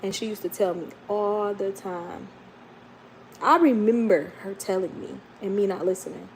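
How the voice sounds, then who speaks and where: Gravelly-voiced woman chatting on a livestream. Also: mid-range voice, moderate pace, slight background noise, low-quality recording. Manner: chatty, heartfelt, addresses viewers as y'all. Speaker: livestream host. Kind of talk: casual livestream chat.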